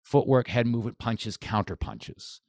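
A man's voice: mid-range voice, expressive, normal speed, gravelly, a little mellow, no room sound, clean studio sound. A man, a boxing coach, talking casually as a podcast guest, enthusiastic and rambling with restarts. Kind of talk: casual interview chat.

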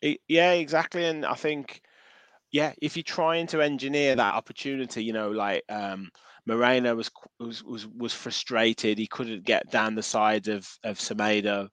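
A man co-hosts a football podcast, chatting casually and rambling, restarting often, and reading out listener comments. His voice sits on the low side, a bit bright, with little pitch movement and an unhurried pace, in a dry recording.

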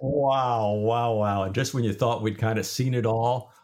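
A man's voice: mid-range voice, fairly even intonation, a little slow, darkish tone. A man co-hosting a casual book podcast, retelling scenes and reacting with enthusiasm. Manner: enthusiastic, exclaims often. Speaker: podcast co-host.

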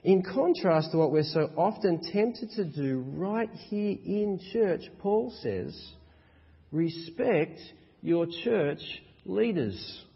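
Aussie pastor preaching, husky voice, dull boomy church hall sound. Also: male voice, animated, unhurried, few pauses. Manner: emphatic, rhythmic repetition with rising stresses. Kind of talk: sermon.

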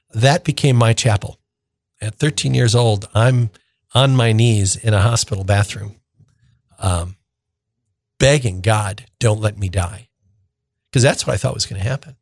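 A man in his sixties from northern Minnesota, a deacon and radio host telling a personal story in a conversational, animated way. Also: on the low side, no echo, studio quality. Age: 60s. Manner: conversational, animated retelling with acted-out quotes.

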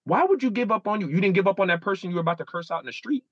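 A man's voice: sits high, expressive, racing, dry recording, lo-fi sound. A man in his thirties, a guest in a casual interview, telling stories animatedly and acting out his own inner dialogue. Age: 30s.

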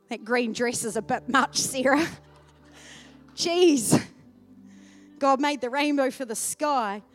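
A woman preacher telling a personal story in a sermon, swinging from loud, excited passages to hushed, tender ones. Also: high-pitched. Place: church service.

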